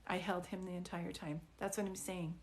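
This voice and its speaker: A woman giving psychic readings on a livestream, soft and soothing, calling people sweetie and honey, often restarting her sentences. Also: lowish voice, level tone, moderate pace. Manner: rambling, restarts mid-sentence. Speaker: psychic medium doing live readings.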